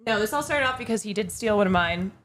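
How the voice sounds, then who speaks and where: A woman chatting casually as a guest on a livestream, playful and quick to slip into theatrical impressions. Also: mid-range voice, expressive, a bit bright, slight background noise. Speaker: stream guest.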